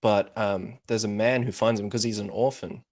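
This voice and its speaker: A man's voice: fairly low pitch, steady tone, normal speed, a little mellow. A man chatting casually on a podcast, retelling a story loosely with lots of swearing and laughter. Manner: loose, profane, laughs often while telling. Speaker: podcast co-host. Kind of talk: casual chat, retelling a show.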